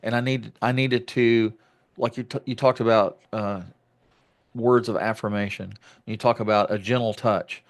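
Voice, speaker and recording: Male podcast host, lower voice, reflective conversational delivery with frequent restarts. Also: steady tone, moderate pace. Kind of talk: conversational interview.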